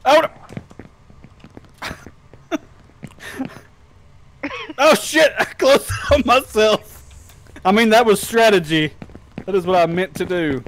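A man in casual gameplay banter, excitable, swearing and laughing often. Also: sits high, slow, long pauses, a little hiss or hum. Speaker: gamer.

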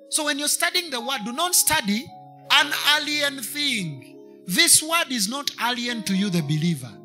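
A Kenyan man delivers a church sermon in a high, bright voice. He pushes his points with emphatic repetition and drops into Swahili now and then. Soft music plays faintly under his words. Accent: Kenyan English. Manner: preaching to a congregation, switching into Swahili, emphatic repetition. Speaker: preacher.

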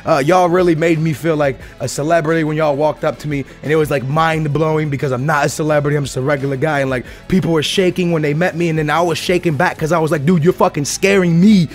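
A man with a noticeably high voice talks fast and hyped in a casual gaming vlog, slangy and full of swearing. Faint music plays underneath him. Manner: hyped, slangy, profane, animated storytelling. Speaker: gaming YouTuber host. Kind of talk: excited casual vlog chat. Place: at his home.

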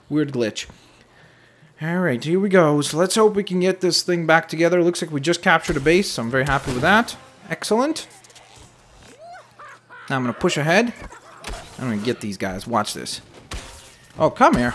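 A young man giving casual running commentary over a shooter game, animated and quick to exclaim when things go wrong. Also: a little high. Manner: animated, exclaims at setbacks, jokey asides. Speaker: gameplay commentator. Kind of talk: gameplay commentary.

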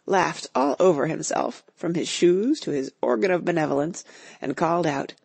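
A woman narrating an audiobook in an expressive storytelling manner. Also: lowish voice, moderate pace, gravelly, breathy edge, no room sound. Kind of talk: scripted narration.

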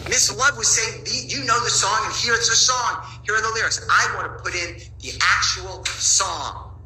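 A man pleads with a judge as a defense attorney, stubborn and repeating himself. His voice is very bright and cutting. The courtroom rings with echo around him. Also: high voice, normal speed, a little hiss or hum.

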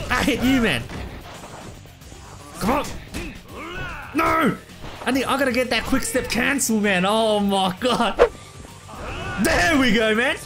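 An excitable young gamer with a high voice records a let's play, giving casual gameplay commentary in slangy language and calling out at the game. Loud game music plays underneath him.

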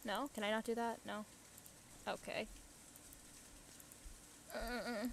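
Slow, gravelly young woman gaming. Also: on the high side, level tone, background noise. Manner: chatty, thinks aloud, gasps and squeals at the game. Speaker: gamer. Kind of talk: casual let's play commentary.

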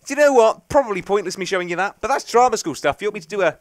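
Young guy, chatty let's play rambling, kinda high voice, dead dry mic. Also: lively intonation, very fast, dry recording. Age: young adult. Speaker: gaming commentator. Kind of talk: casual let's play commentary.

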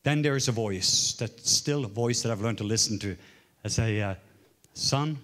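A man in his forties from Norway, preaching a sermon as a story, swinging from loud exclaims to hushed murmurs. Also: lowish voice, measured pace. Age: 40s. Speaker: guest preacher.

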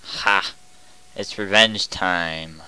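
A young man commenting on a game he is playing at his computer, moving from quiet muttering to loud panicked yelling, with a smooth voice and an unhurried pace. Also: low voice, fairly even intonation, poor audio. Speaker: gaming commentator. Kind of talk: excited gameplay commentary.

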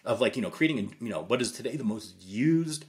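Fast, animated middle-aged man telling stories. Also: mid-range voice. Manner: animated, acts out remembered dialogue, many fillers. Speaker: venture investor, guest. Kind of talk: interview storytelling.

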